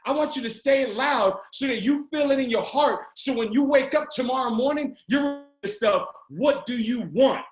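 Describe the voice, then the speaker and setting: High-voiced man giving a fired-up pep talk. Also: moderate pace, few pauses, faint music behind. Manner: energetic, exhorting, often shouting. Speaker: motivational speaker for a sales team. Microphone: video call. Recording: roomy video call audio.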